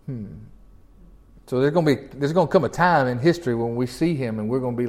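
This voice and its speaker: A man's voice: mid-range voice, fast, a little mellow. A man leading a conversational Bible study, reading scripture aloud and explaining it, often repeating words and asking rhetorical questions. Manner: repeats words and restarts phrases. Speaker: Bible teacher.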